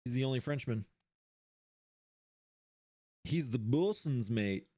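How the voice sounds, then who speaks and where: An animated streamer, thinking aloud while playing a game, voice jumping up high when surprised. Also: takes it slowly. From Seattle area, USA. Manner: animated, puzzling things out, sudden jumps to high pitch.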